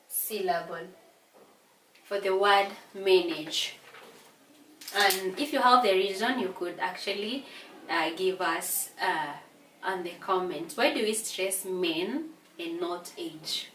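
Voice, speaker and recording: A tired woman from Kenya teaching an English revision lesson, speaking slowly and repeating words to stress their syllables. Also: medium pitch, fairly bright tone. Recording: echoey room from a distance, faint hiss.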